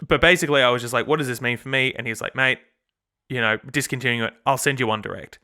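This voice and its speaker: Bright chatty Australian man, rambling. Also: mid-range voice, smooth. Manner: rambling, chatty, swears casually. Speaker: guitarist and channel host. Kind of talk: casual gear demo vlog.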